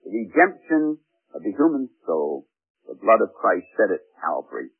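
An older male radio preacher with a low, husky voice that rises and falls widely as he preaches. He speaks earnestly and expressively, leaning hard into key words. The sound is tinny and thin, like an old broadcast coming over a phone line. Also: very animated, normal speed. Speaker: radio Bible teacher. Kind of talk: radio sermon.

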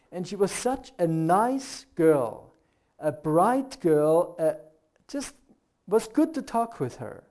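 A middle-aged man with a German accent, whose first language is German, preaching a sermon. He talks earnestly and builds to animated rhetorical questions. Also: fairly high pitch.

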